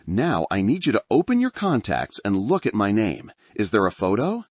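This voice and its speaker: A man's voice: lowish voice, huge pitch swings, normal speed, a little mellow, dry recording. A man voicing a desperate middle-aged father who is a doctor, speaking urgently and insistently.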